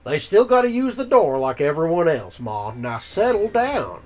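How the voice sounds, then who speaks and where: A gamer putting on a folksy country mole dad, calm and drawling, lively tone. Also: mid-range voice, moderate pace, faint music behind, close to an everyday voice. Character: folksy old mole father, calm and steady.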